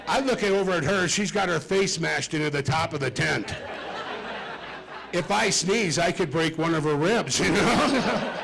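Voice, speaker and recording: A man's voice: a little high, unhurried, vocal fry, background noise. A middle-aged man doing a stand-up comedy set, chatty and self-mocking as he talks to the audience. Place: club stage with a live audience.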